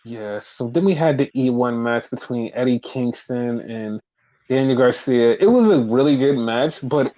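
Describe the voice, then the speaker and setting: A man co-hosting a podcast, casually recapping wrestling in animated, profane storytelling that acts out the quotes. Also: mid-range voice, measured pace. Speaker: podcast co-host. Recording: dull lo-fi podcast audio.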